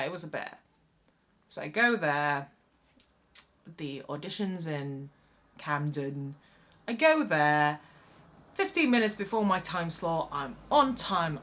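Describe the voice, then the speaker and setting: Woman vlogger telling embarrassing stories, unhurried, bright voice, pitch bouncing all over. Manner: animated, self-mocking and wry. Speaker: actress vlogger. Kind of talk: casual storytelling to camera.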